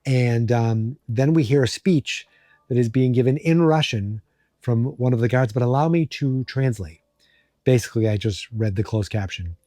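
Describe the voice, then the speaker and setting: A man's voice: mid-range voice, moderate pace, warm tone, dry recording, clean studio sound. A man hosting a podcast, recapping an episode in a rambling, joking way with many fillers. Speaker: podcast host.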